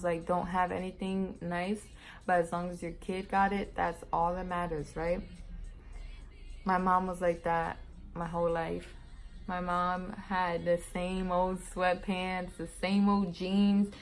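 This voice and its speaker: A woman's voice: lowish voice, poor audio. A young woman chatting casually to camera as a mom vlogger, rambling, laughing often and using slang.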